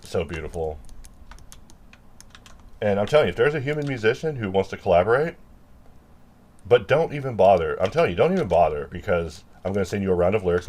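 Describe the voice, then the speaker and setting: Deep-voiced man rambling casually. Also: expressive, quick pace. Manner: rambling, self-mocking, with loud mock-angry outbursts. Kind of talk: casual rambling chat while working.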